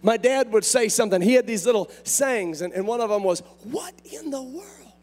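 Male pastor with a very high voice, fiery sermon delivery that builds to shouts. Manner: impassioned, rising to shouts, drawn-out emphatic phrases.

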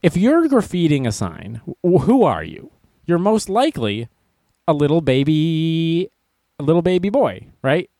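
A man's voice: on the high side, very animated, measured pace, warm tone, no room sound, clean studio sound. A man hosting a talk show, joking through news items and stories and laughing often. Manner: playful, laughs often, reads news items aloud with wisecracks. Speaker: radio show host.

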